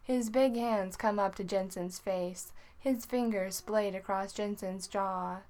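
A woman reading a story aloud in an unhurried, informal way. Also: mid-range voice, steady tone, darkish tone. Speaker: narrator.

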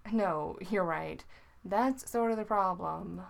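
A woman reading the lines of a flustered, gruff young man in a story, slowly and haltingly. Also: on the low side, exaggerated voice.

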